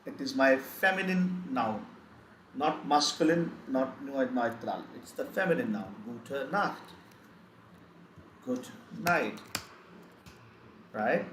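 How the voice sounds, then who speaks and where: Slow, deliberate man teaching German. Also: medium pitch, lively intonation, a bit bright. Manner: slow, repeats each word several times. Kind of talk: live online language lesson. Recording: echoey room, faint background noise.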